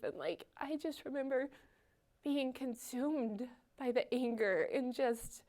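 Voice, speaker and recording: High-voiced woman sharing heartfelt testimony. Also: unhurried, warm tone. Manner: earnest, emotional, frequent "like" and "you know" fillers. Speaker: church member sharing testimony. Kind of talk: personal testimony, conversational storytelling. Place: church.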